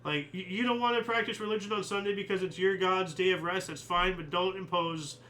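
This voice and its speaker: A man hosts a daily history livestream in casual chat, punching out each year before reading its entry, then adding rambling, joking asides with mild swearing. His voice is high, bright, and forceful, a little fast. The low-quality recording has a bit of hiss or hum.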